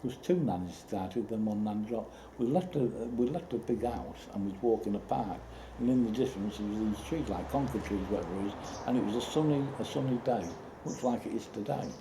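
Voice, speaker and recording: A man telling a rambling personal story in a halting way, with restarts and sudden outbursts. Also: lowish voice. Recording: roomy echo with loud background noise.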